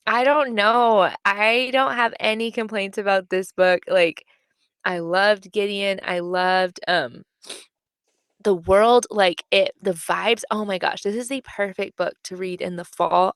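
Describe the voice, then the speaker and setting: A woman's voice: medium pitch, smooth, dry recording, clean studio sound. A young adult woman co-hosting a book podcast, chatting casually and emphatically with lots of fillers. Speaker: podcast co-host.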